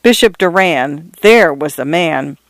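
Man putting on a sharp-tongued housekeeper woman. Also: a little high, lively intonation, measured pace, dry recording. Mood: grumbling. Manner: blunt and complaining.

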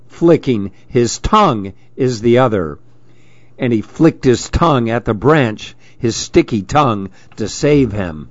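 Unhurried, expressive man reading a storybook. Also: mid-range voice, dry recording, muffled recording. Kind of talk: children's storybook read-aloud.

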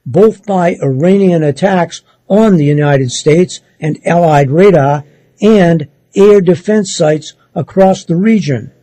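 Slow, husky man reading the news. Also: fairly high pitch, no echo, rough recording. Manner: measured, steady read with occasional self-corrections. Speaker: news article reader. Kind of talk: reading a news article aloud.

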